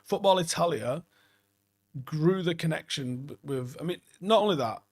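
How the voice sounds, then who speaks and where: A man's voice: a little high, normal speed. A man in his forties hosting a late-night football live stream, chatting loosely, reading out viewer comments and swearing freely. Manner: swears a lot, rambling and enthusiastic.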